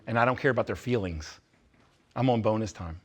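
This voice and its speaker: A man's voice: on the low side, fairly quick. A man speaking to a room of students at a youth retreat, blunt and intense, repeating his points for emphasis. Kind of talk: live motivational talk with Q&A. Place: large indoor room with a live audience.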